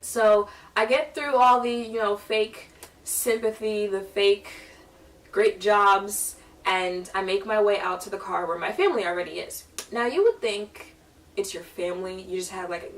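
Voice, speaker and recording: A young woman telling a funny personal story to the camera in a casual, animated way, acting out what people said to her. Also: mid-range voice, moderate pace. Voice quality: animated, chatty, quotes people in playful voices. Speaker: vlogger. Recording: mic a little far off.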